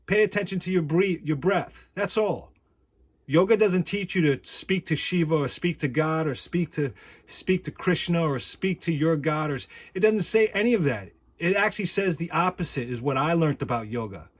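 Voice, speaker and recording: A man's voice: a little high, animated, normal speed. A man vlogging in a casual monologue, rambling and repeating words, often laughing.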